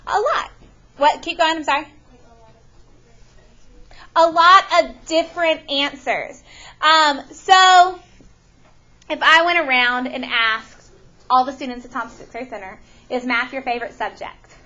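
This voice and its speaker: A woman teaching a math lesson to a classroom, animated and often questioning her students. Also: high-pitched, unhurried, long pauses, highs cut off.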